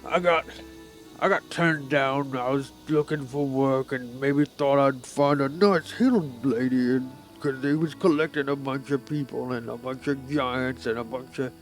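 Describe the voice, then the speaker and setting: A man's voice: mid-range voice, measured pace, lightly acted. A man voicing a drunk, boastful male hill giant who grumbles and rambles with slurred words, with faint music in the background. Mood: grumbling.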